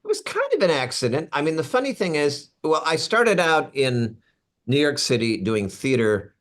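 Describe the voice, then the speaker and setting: A man's voice: a little high, normal speed. A man in his sixties, an actor, chatting in an interview, telling stories with asides and restarts. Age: 60s. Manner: animated storyteller with asides and restarts. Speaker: actor guest. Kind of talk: casual interview chat.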